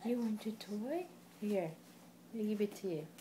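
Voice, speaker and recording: A woman's voice: medium pitch, lively intonation, normal speed, background noise. A woman at home coaxing a baby in sing-song baby talk, repeating simple words for the baby to say. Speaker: parent talking to a baby. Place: home, indoors.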